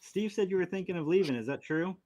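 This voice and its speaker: A man's voice: sits high, fast, mellow, lightly acted. A man reading a nice, naive young male camp counselor in a table read, earnest and friendly. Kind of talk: amateur script table read.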